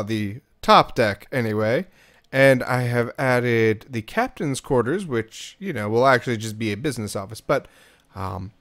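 A man narrates his gameplay in a bright, chatty commentary style. His voice sits a little above typical for a man and swoops up and down with plenty of animation. He keeps things upbeat and pokes fun at himself with quick laughs. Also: on the high side. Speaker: Minecraft let's-play creator. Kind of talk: game commentary voice-over.

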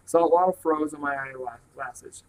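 A man reading a novel aloud at a plain, steady pace. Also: on the high side, a little slow, slight background noise, poor audio. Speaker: reader.

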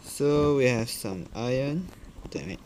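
A man's voice: mid-range voice, takes it slowly, noisy background. A man casually commenting on his gameplay in hesitant, broken English, full of fillers, chatting to game characters and swearing when things go wrong.

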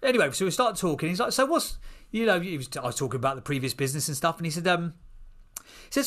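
Man, 30s, podcast guest; rapid storyteller who acts out voices. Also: on the high side. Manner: animated, acts out other people's voices.

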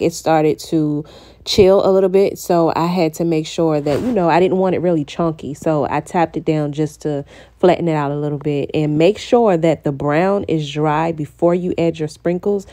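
A low-pitched woman voices over her baking tutorial, keeping it casual and conversational, addressing viewers directly and getting excited.

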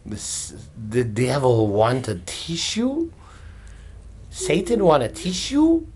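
A woman's voice: rumbling low, lively intonation, slow, warm tone. A woman in casual chat, teasing and mock-scolding someone while chuckling.

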